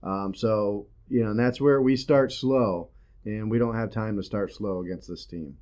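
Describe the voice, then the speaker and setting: A man hosting a podcast in casual chat, easygoing and quick to laugh. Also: fairly low pitch, darkish tone. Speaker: podcast host.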